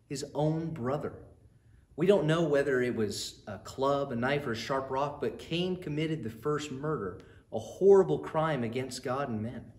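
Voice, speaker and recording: A man from a church narrating a bedtime Bible story and earnestly preaching its lesson to children. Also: mid-range voice. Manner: earnest, addresses children directly. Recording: roomy echo.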